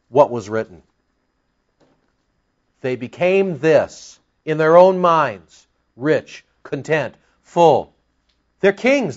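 A man preaching an expository Bible-teaching sermon in a conversational, wry way, with sarcastic asides and emphatic bursts. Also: a little high. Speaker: pastor. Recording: dull lo-fi sound.

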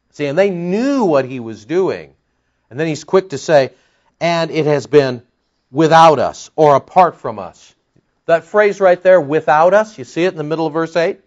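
A man's voice: a little high, lively intonation, moderate pace. A man preaching an expository Bible-teaching sermon in a conversational, wry way, with sarcastic asides and emphatic bursts. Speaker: pastor. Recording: dull lo-fi sound.

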